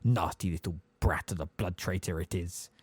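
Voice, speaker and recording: A man voicing an old male house elf, hoarse and deep, muttering bitterly under his breath in an audiobook. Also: expressive, moderate pace, a little mellow, dry recording.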